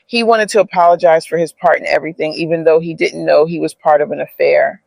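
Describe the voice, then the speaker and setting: A man narrating a scripted family drama story in an even, steady manner. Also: fairly high pitch, fast, creaky, few pauses, no echo.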